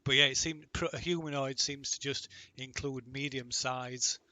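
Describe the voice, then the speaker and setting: A man's voice: medium pitch, fairly even intonation, normal speed, pushed and bright. A man running a tabletop game as game master, reading out rules and narrating the action, laughing often.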